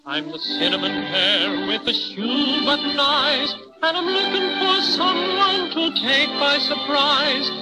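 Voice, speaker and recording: A man voicing a small, mock-fierce teddy bear who sings his song slowly in a sing-song style, for a radio drama. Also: very high-pitched, expressive, full character voice, rough recording. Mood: jaunty. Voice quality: slow, sing-song delivery. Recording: old radio recording over loud music.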